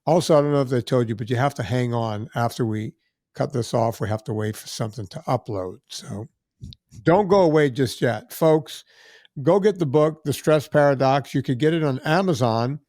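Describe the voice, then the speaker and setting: A man's voice: medium pitch, moderate pace, a little mellow, dry recording, clean studio sound. A man hosting a podcast, wrapping up casually with chatty plugs. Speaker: podcast host.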